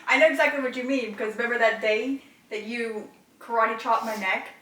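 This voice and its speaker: A middle-aged mother co-hosting a casual podcast, an animated storyteller who laughs a lot. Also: fairly high pitch, fairly quick. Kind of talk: casual chat. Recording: echoey room, mic at a distance.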